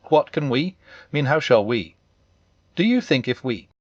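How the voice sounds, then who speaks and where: A man voicing a gentle, slow-witted male teddy bear who speaks softly and haltingly. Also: medium pitch, sing-song, no echo, muffled recording. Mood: hesitant. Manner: soft, hesitant, unsure.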